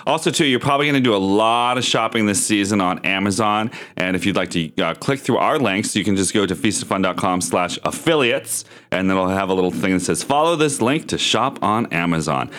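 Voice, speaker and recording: A man with a deep, very animated voice co-hosts a podcast in loose casual chat. He talks freely and laughs often. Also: brisk, hardly any pauses. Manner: chatty, laughs often, lively delivery. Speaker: podcast co-host.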